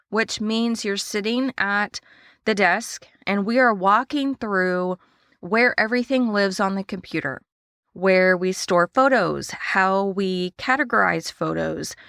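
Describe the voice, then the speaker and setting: A woman hosting a casual solo podcast, telling a story in a chatty, animated way and acting out the dialogue. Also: mid-range voice, no echo, clean studio sound. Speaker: podcast host and small business owner.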